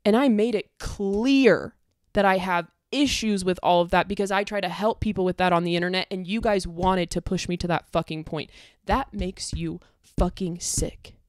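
Angry swearing woman, low dry voice. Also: normal speed, no room sound. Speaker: content creator. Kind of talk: ranting monologue to camera.

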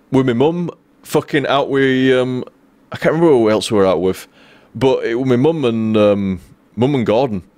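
Young male streamer, casual rambling storyteller, mid-pitched voice, dry close sound. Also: a little mellow, no room sound. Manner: rambling, profane, restarts often.

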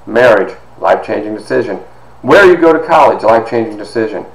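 Fifties man from Toledo, storytelling speaker, lowish voice, lively chatty delivery, roomy echo. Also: fairly quick, crowd noise. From Toledo, Ohio. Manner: animated, conversational, with frequent asides. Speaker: author and speaker. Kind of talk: personal storytelling talk. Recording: echoey room with faint noise.

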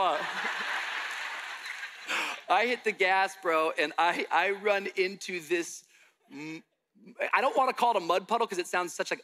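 A man's voice: high voice, sharp tone. A young adult man from Miami preaching a sermon, telling a story with animation and acting out the dialogue. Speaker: pastor.

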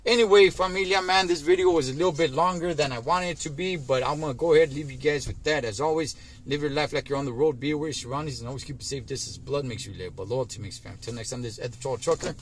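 Racing along with few pauses, a middle-aged trucker vlogs his views to camera in a slightly high voice. His easygoing street talk is sprinkled with "man," "dog" and "homie," and there's slight background noise.

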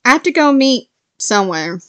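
A woman casually reading a novel aloud, stumbling and correcting herself now and then, with a lift in pitch for quoted lines. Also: big pitch swings, normal speed, a bit bright. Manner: unpolished reading with restarts and self-corrections. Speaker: reader of a novel. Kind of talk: casual read-aloud storytelling.

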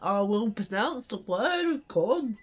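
A woman giving frantic let's play commentary, yelling and pleading at the game. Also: medium pitch, big pitch swings, takes it slowly, husky, highs cut off. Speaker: gaming streamer.

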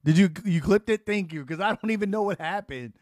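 A young man streaming a role-play game, chatting casually and taunting loudly when worked up. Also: high voice, brisk, no echo, studio quality. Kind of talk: casual live commentary while gaming.

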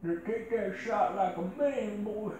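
A man playing a gruff, hard-drinking rural father in a comedy sketch, talking in a blustery, folksy drawl. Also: sits high, measured pace, darkish tone, a little hiss or hum. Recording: roomy echo.

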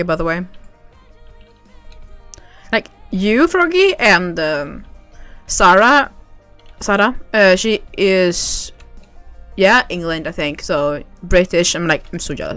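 A woman's voice: mid-range voice, a bit bright, dry recording. A young woman chatting casually with viewers while streaming a game, bubbly and giggly. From Sweden. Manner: bubbly, giggly, reads chat aloud. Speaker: livestream gamer. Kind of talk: casual livestream chat with viewers.

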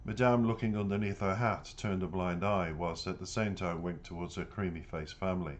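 A man reads aloud from his own novel in a steady first-person narration. His voice is low and deep, unhurried and even. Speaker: author and narrator.

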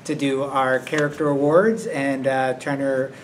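A man from the school staff chats his way through character awards, wandering and filling pauses as he goes. He sits back from the microphone, and a faint hiss runs under his voice. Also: mid-range voice, fairly even intonation. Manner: rambling and hesitant, many fillers. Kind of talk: casual unscripted school announcement. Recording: distant mic with faint noise.

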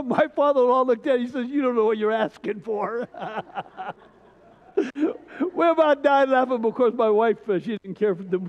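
An older man, a pastor, preaching a sermon in a homespun storytelling way, pausing often, recorded in a church. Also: very high voice. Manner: folksy storytelling, frequent hesitations. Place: church sanctuary. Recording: dull church recording with long reverb.

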